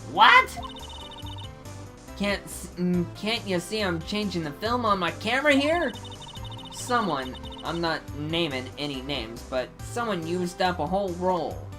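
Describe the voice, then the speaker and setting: A woman's voice: lowish voice, lively intonation. A woman voicing a brash, touchy southern photographer with a heavy drawl, reading a game aloud over game music. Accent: American Southern. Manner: heavy drawl, scolding, quick to bristle.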